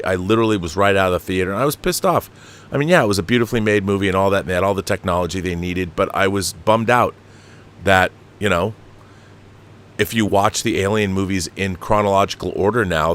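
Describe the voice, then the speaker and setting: A middle-aged man hosting a casual live stream, reading viewer comments aloud and reacting in an animated way with frequent restarts, laughs and swearing when annoyed. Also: lowish voice. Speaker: show host reading viewer chats.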